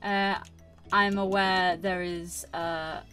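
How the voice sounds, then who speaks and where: A woman's voice: lowish voice, level tone, takes it slowly, bright, forceful tone. Chatty woman rambling over game music. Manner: chatty, self-chiding, rambling with many fillers. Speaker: gaming YouTuber. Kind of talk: casual gameplay commentary.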